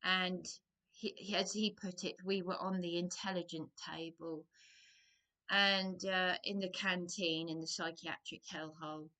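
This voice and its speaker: Slow, bright-voiced woman rambling. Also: lowish voice, steady tone. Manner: digressive, hesitant, sighing. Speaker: vlogger. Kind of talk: rambling personal monologue.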